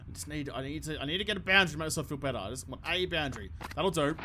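High, bright-voiced man gaming. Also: rapid-fire, a little hiss or hum. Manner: sweary, excitable ranting at the game. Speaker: gaming YouTuber. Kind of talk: gameplay commentary.

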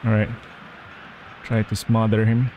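Young male gamer, unhurried gameplay commentary over faint background hum; groans and cheers at plays. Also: lowish voice, completely flat delivery, mellow.

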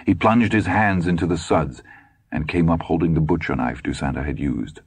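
A man narrating an audiobook in a measured, tense storytelling manner. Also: sits low, breathy edge, no room sound.

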